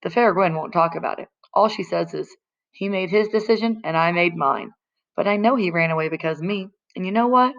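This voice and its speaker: A woman's voice: fairly low pitch, a little fast, highs cut off, lightly acted. Woman reading as a cocky brainy boy. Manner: grand mock-archaic flourishes.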